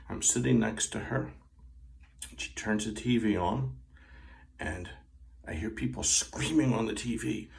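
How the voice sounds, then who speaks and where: A man in his sixties telling a personal story, vivid and animated, acting out the scenes as he goes. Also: fairly low pitch, measured pace, gravelly. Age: 60s. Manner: vivid, animated retelling with sound effects.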